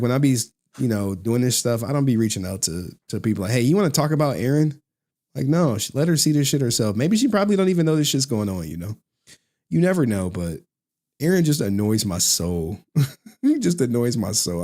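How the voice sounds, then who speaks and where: A man's voice: mid-range voice, darkish tone. A man giving casual reaction commentary, blunt and profane, often repeating phrases for emphasis. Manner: blunt, profane, exasperated ranting.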